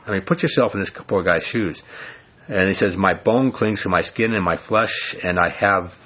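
A man's voice: low voice, moderate pace. A man teaching from the Bible in an earnest, folksy way, full of "I mean" asides. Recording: dull lo-fi recording.

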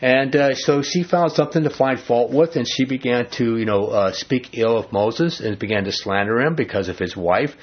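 A man's voice: medium pitch, moderate pace, hardly any pauses, slightly rough, highs cut off. A man leading a casual Bible study, talking in a conversational way and acting out the quotes he reads. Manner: animated, conversational, acts out quotes. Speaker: Bible teacher.

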